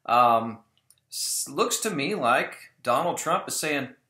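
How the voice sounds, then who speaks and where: A man's voice: medium pitch, lively intonation, slow pace, bright, forceful tone. A man talking casually and with strong opinions in a commentary vlog about Bible prophecy, often mimicking other people mockingly. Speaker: video blogger on Bible prophecy. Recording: roomy echo.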